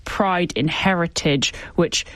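A woman's voice: fairly low pitch, slow pace, a bit bright, no echo. Curious woman co-presenter. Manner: curious, asks questions. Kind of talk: conversational radio documentary.

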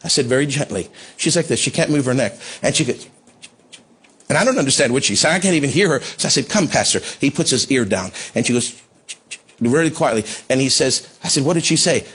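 A man pastor telling a testimony in a sermon, impassioned, building to shouts at the climax. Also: medium pitch, expressive, a little fast, husky. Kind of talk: sermon storytelling.

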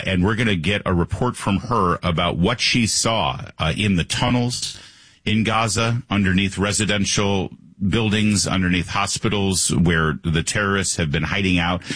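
A man's voice: fairly bright tone, slightly rough, no room sound. Sarcastic male talk radio host. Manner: sarcastic, pitch jumps high when mocking. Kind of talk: opinionated talk radio monologue.

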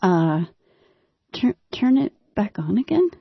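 A woman tells a first-person story at an unhurried, deliberate pace, dropping to hushed tones to build suspense. The sound is dry and close, with no room around it. The tone is slightly dull and muffled. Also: mid-range voice, big pitch swings, vocal fry, slightly rough, no room sound.

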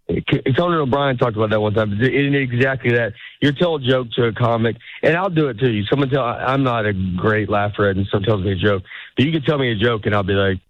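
A middle-aged man in a loose interview chat, a comedian who rambles and restarts, slipping into voices for the lines he quotes. His voice sits at an everyday pitch. The sound is close and dry, a bit muffled and dull. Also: no room sound. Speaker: stand-up comedian.

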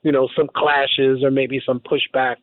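A man's voice: medium pitch, flat delivery, a little slow, no echo. A man hosting a call-in radio show, taking calls and often stumbling and restarting over words. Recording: narrow phone-like radio audio.

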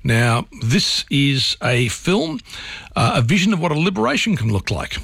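Give me an Australian male radio host with a somewhat high voice, chatting loosely into a studio mic. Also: big pitch swings, moderate pace, vocal fry, a bit bright, breathy edge, dry recording. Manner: chatty, rambling, thinks aloud. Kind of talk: late-night talkback radio. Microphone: studio microphone.

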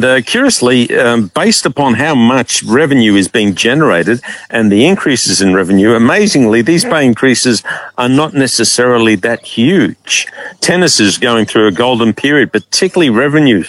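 A man talking sport on radio, sarcastic and quick to chuckle. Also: medium pitch, expressive, a bit bright. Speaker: sports commentator guest. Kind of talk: casual radio banter. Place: radio studio. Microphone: studio microphone.

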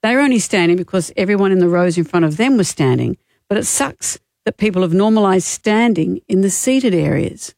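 A woman's voice: mid-range voice, lively intonation, fairly quick, gravelly, a little mellow, dry recording, studio quality. A woman co-hosting a radio show, telling stories and teasing her co-host in casual banter. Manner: chatty, teasing storyteller.

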